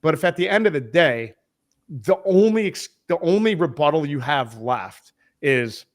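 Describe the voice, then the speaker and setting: Profane, emphatic man pitching sales. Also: lively intonation, normal speed. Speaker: podcast guest, head of sales. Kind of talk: casual podcast chat.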